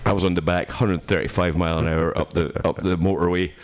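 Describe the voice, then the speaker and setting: A middle-aged Scottish man with a very deep voice. He chats casually, swearing freely and laughing through his own stories. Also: little pitch movement, brisk. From Scotland. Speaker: radio show host. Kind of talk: casual storytelling chat.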